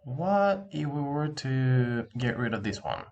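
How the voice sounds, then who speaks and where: A man teaching a language lesson, patient and encouraging, repeating words slowly to show how they sound. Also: medium pitch, big pitch swings, creaky, a little mellow, lo-fi sound. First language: Russian. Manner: slow, drawn-out demonstration pronunciations. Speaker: Russian teacher.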